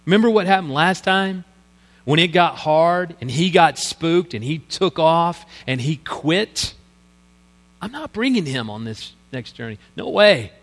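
A man acts out a stern, impatient apostle, blunt and exasperated. The voice sits somewhat high. A long reverb trails each line. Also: very animated, moderate pace, a bit bright.

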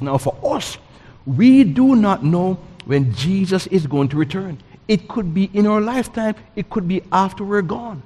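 A middle-aged man from Jamaica, preaching a sermon with lively, story-driven delivery. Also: sits high, slightly rough, in a large hall. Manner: animated storytelling, acts out voices and sounds.

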